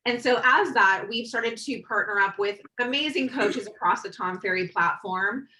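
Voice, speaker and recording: A woman's voice: medium pitch, moderate pace, bright, forceful tone, slight background noise, low-quality recording. A woman hosting a webinar, introducing the guest and explaining the chat and Q and A in a friendly, organized way. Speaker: webinar host.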